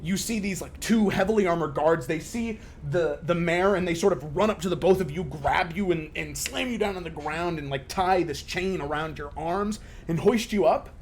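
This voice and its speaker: A man narrating a tabletop role-playing game as game master, with lively, stumbling storytelling full of fillers. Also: a little high, normal speed, few pauses, a little hiss or hum.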